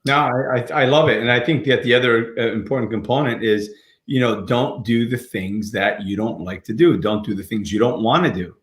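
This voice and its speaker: A man hosts a casual livestream chat in an upbeat, motivational way, often repeating his words as he talks. His voice sits at a middling pitch. The room around him is echoey. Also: fairly quick. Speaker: podcast host.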